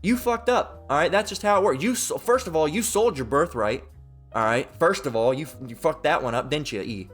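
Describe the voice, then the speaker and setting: A man's voice: fairly high pitch, lively intonation, a little fast, a bit bright, husky, faint music behind. A man giving a heated Bible commentary, mocking, profane and repetitive as he reads and rants. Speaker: Bible teacher.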